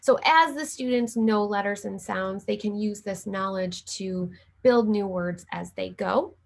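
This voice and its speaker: Woman, recorded lecture, casual with fillers, husky, gravelly. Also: medium pitch, a little slow. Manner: casual, with fillers and light laughs. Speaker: teacher educator.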